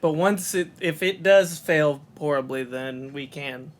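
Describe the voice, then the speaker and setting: A man's voice: on the high side, a little slow. A man co-hosting a casual podcast, teasing his friends and laughing often. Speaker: podcast co-host. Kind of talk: casual chat.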